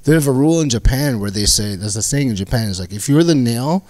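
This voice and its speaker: Middle-aged male comic from Canada, animated storyteller, dry close mic. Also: mid-range voice, fast, no room sound. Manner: animated anecdotes with acted-out quotes. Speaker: guest comedian. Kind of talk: casual podcast storytelling.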